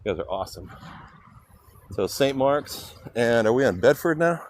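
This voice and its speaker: A man's voice: mid-range voice, animated, normal speed, slight background noise. An older man from California hosting a casual livestream while walking city streets, rambling and chatting with viewers. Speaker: livestream host.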